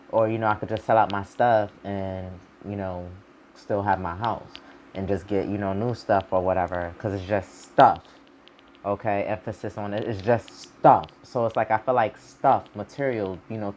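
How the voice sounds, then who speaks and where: Give me a low-voiced man doing a rambling tarot reading. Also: a little hiss or hum. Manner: loose and rambling, heavy on "like" and "you know"; informal, streetwise, swears casually. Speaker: tarot reader. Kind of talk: casual tarot reading to camera.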